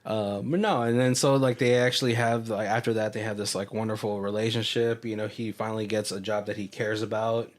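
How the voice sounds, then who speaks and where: A man's voice: on the low side, steady tone, fairly quick, hardly any pauses. A man casually recapping a movie on a podcast, rambling with filler words, laughing and acting out lines of dialogue. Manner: rambling, laughing, acts out quotes. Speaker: podcast co-host.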